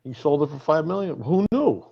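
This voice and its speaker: A touring male DJ telling a story in casual chat, animated and profane. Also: fairly high pitch, normal speed, gravelly, breathy edge, lo-fi sound.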